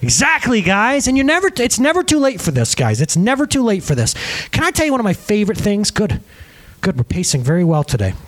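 A man's voice: sits high, brisk. A man preaching a sermon as pastor and counselor, talking animatedly to the congregation and acting out the conversations he quotes. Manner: animated, addresses the congregation as "guys".

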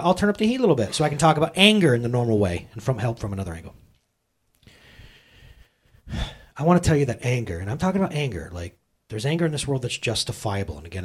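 Husky, animated male pastor preaching. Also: fairly high pitch. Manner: conversational, emphatic, rhetorical questions to the audience. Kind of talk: sermon.

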